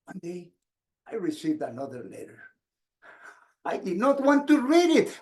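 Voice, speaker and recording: A man, giving an expressive motivational speech with dramatic pauses. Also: high-pitched. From Mexico. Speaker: speaker. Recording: echoey room.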